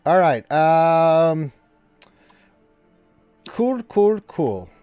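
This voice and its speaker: A man's voice: fairly high pitch, big pitch swings, very slow, darkish tone, clean tone, no room sound, soft background music. A man narrating as game master, rambling and joking, often breaking off mid-sentence. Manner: rambling, joking, self-interrupting.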